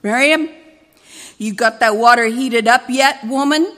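A woman reading aloud voices a burly, abusive husband with a sleepy, gravelly voice. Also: high voice, lively intonation, measured pace, in a large hall, full character voice. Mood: demanding. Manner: shouting, harsh.

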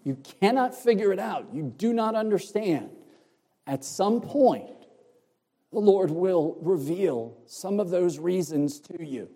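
A man preaching an expository sermon, explaining the Greek words of a passage with deliberate emphasis. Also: high voice, expressive, warm tone, slightly rough. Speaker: pastor. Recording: long hall reverb.

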